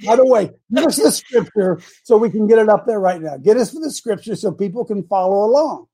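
A middle-aged man hosting a casual morning show, rambling and repeating himself, with sudden loud outbursts. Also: sits high, lively intonation, brisk, breathy edge. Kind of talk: casual live-stream talk.

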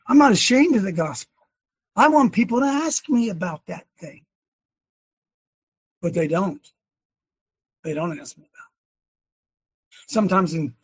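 A man leading a prayer gathering, talking in an animated preachy way and quoting scripture. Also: high voice, husky, no room sound. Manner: animated, exclaims and quotes scripture. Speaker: leader of a men's prayer gathering. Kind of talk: preachy casual chat.

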